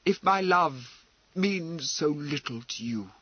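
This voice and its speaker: A melodramatic young man protests in an indignant, theatrical tone, as a narrator voices him. The delivery is husky and lively in pitch, on a slightly dull recording. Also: slow, no echo, exaggerated voice.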